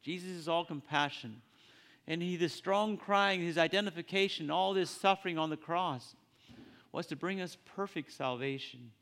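A man preaching a sermon in an earnest, halting way, often repeating his phrases. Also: on the high side, fairly bright tone. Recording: long reverb of a church hall.

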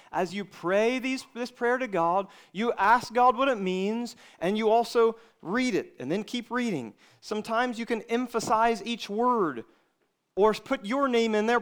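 A male preacher giving an earnest sermon to young people, swinging between loud emphasis and quiet asides. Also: high-pitched, clear, resonant tone.

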